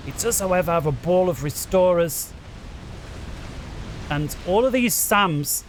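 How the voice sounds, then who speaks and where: A high-pitched man calling a long strategy game match at his desk microphone. He talks quickly and grows more animated as the action heats up, urging the players on. A faint hiss sits under the recording. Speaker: game commentator. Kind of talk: excited strategy game commentary.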